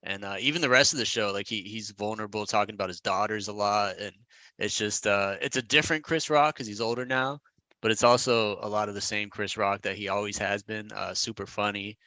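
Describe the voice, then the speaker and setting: A male podcast co-host with a fairly low voice that has a bright, forceful edge. He talks in an easy, advising way and often restarts his sentences. The sound is dry and close, over a video call. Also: brisk, dry recording. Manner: relaxed, advising, with frequent restarts. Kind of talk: casual podcast chat. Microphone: recorded over a video call.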